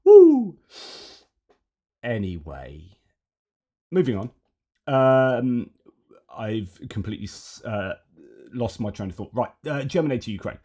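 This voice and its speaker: A man's voice: lowish voice, animated, a little slow, pauses often, darkish tone. A man hosting news commentary, thinking aloud as he reads out headlines and then adds his own opinions.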